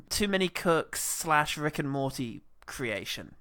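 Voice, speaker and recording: A man co-hosting a casual film-review podcast, animated and giggly, often laughing between thoughts. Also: fairly high pitch, takes it slowly, clear, resonant tone. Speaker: podcast co-host.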